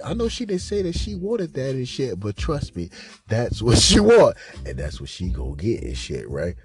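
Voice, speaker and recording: A man hosting a podcast, telling a crude comic story in a loud, profane, repetitive way. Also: fairly low pitch. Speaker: podcast host.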